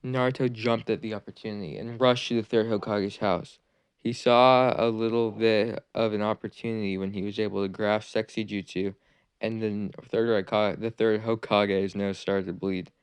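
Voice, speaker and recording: A man's voice: lowish voice, little pitch movement, normal speed, clear, resonant tone, no echo. A man casually narrating a fan-made what-if anime story, rambling with fillers and restarts.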